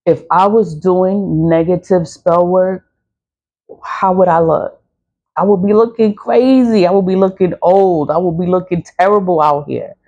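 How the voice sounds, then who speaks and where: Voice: mid-range voice, unhurried, a little mellow, highs cut off. A speaker in their forties talking casually about spiritual cleansing, with a mid-range voice that sits between typical male and female registers. They sound blunt and preachy, come back to the same points again and again, and swear without holding back. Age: 40s. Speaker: spiritual practitioner selling cleansing products.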